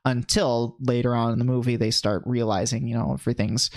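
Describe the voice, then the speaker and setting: A male podcast co-host retells scenes in loose, animated chat, swearing freely. His voice sits at an average pitch. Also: brisk. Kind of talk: casual chat.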